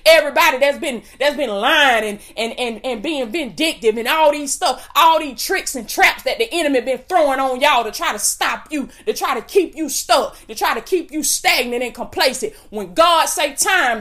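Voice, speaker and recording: A woman's voice: sits high, a bit bright. A woman preaching an impassioned video sermon in a folksy, rhythmic way, calling out "come on now" and "baby" and whooping between phrases.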